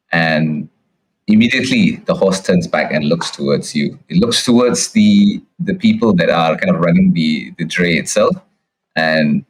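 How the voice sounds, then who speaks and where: A man's voice: low-pitched, poor audio. A man narrating as the dungeon master of a tabletop game, hesitant, with many restarts.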